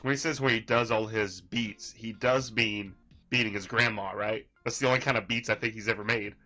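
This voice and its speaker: A man's voice: on the low side, fairly even intonation, fairly quick, bright, forceful tone. A man giving casual, rambling reaction commentary, mocking the person in the clip. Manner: rambling, mocking, laughs at his subject.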